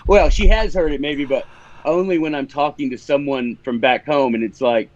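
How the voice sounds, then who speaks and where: A man's voice: a little high, normal speed, highs cut off, slight background noise. Memphis man explaining like a teacher. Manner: explaining and teaching, with laughs and restarts. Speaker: author and guest. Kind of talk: casual interview chat.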